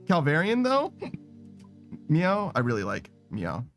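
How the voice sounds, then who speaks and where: A young man streaming a game, chatting casually and rambling, ending nearly every phrase with a quick "meow" and swearing now and then. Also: mid-range voice, expressive, soft background music. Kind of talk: casual gaming stream chat.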